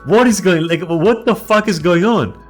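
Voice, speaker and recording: A man's voice: high-pitched, normal speed, faint music behind. A man on a game stream, ranting in casual chat, swearing a lot and restarting his sentences.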